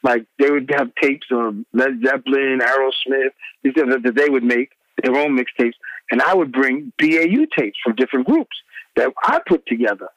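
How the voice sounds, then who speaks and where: A middle-aged man, a former radio DJ, telling animated stories in an interview and acting out the people he quotes. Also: normal speed, no echo, dull audio. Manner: acts out quoted people with big pitch swings.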